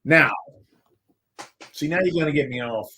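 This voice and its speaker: A man's voice: on the high side, moderate pace, bright, forceful tone, poor audio. A man hosting a live podcast, chatting casually in a rambling, jokey way and swearing now and then. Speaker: podcast host. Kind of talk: casual live-stream chat.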